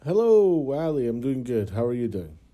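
A man co-hosts a podcast, joking and teasing in a relaxed, easy chat. His voice is mellow and warm, sitting in a middle pitch. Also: normal speed. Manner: playful, teasing. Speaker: podcast co-host.

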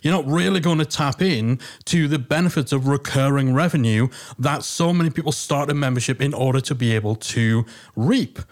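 This podcast host is a man with a Geordie accent from Northeast England, talking in a mid-range voice at normal speed. His casual business podcast monologue is chatty, emphatic and self-deprecating.

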